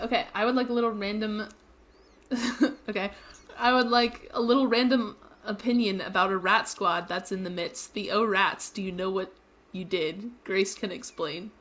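A woman's voice: mid-range voice, a bit bright. A young woman co-hosting a game live stream, reading out chat and teasing her friend with frequent giggles.

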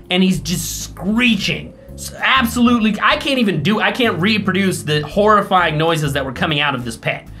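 Animated swearing man telling a story. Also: high-pitched. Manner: animated, profane, mocking impressions. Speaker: vlogger. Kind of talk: casual storytelling vlog.

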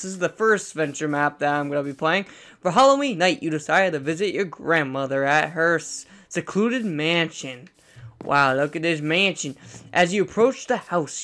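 A young man hosting a let's play, talking through a horror game and repeating words excitedly when scared. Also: fairly high pitch. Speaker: gaming channel host.

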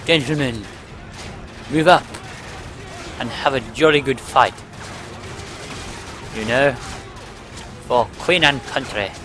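A pompous upper-class British officer urging his men on with old-fashioned flourishes, as a gamer puts him on. The voice sits at a middling pitch, and loud game noise rumbles behind it. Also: slow, pauses often, natural voice. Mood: rallying. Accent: posh British. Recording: noisy game audio behind.

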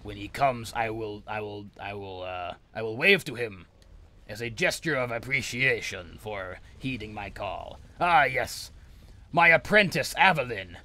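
A man's voice: fairly low pitch, a little slow, bright, forceful tone. Profane ranting man gaming. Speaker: gamer. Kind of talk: let's play commentary.

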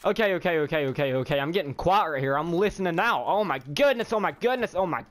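A young man casually commenting on his own gameplay, rambling and excitable, often repeating exclamations. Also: a little high, fast. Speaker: gaming YouTuber. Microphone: headset or desk mic.

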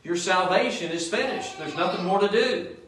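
A man's voice: high-pitched, expressive, normal speed, fairly bright tone. A male pastor preaching a sermon in a church, often asking the congregation "Amen?" as he goes. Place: church sanctuary. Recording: echoey church room, mic at a distance.

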